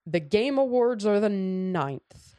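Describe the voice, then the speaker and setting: A woman's voice: medium pitch, lively intonation, slow, warm tone, dry recording. A young adult woman co-hosting a casual podcast, joking around and often trailing off mid-thought. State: has hiccups. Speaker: podcast co-host. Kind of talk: casual chat.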